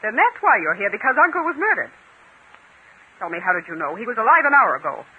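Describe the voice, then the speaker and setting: An actress playing a haughty, scheming heiress in a 1940s radio drama, talking in an imperious, dismissive way. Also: female voice, mid-range voice, sing-song, quick pace, narrow, tinny audio, a little hiss or hum, close to an everyday voice. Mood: flustered.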